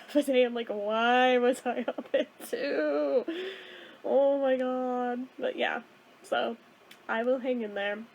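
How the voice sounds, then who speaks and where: A woman's voice: mid-range voice, gravelly, a little mellow, slight background noise. A woman vlogger in a casual chat, self-deprecating and giggly as she talks about her day.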